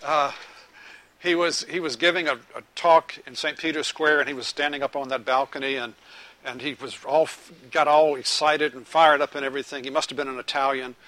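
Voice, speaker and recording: Bright high-voiced man preaching. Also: brisk, low-quality recording. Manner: animated storytelling, joke-telling. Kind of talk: sermon with audience questions.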